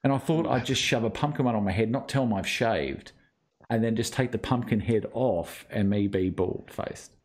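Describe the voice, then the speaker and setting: A man's voice: lowish voice, moderate pace, darkish tone. An Australian man hosting a casual podcast chat with mates, blokey and loose, swearing now and then and cutting in over others. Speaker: podcast host.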